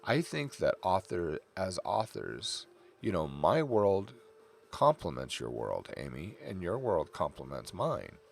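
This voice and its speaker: A man's voice: deep voice, huge pitch swings, takes it slowly, gravelly. A middle-aged man from California, chatting casually while he draws, rambling off into tangents and stories. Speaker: artist streaming while drawing. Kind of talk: casual chat while drawing.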